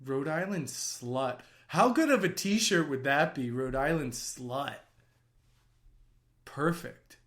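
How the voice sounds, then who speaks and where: A man who works as an actor and writer, giving casual watch-along commentary on a film in an excitable, gushing way that bursts into yelling. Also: on the high side, slow.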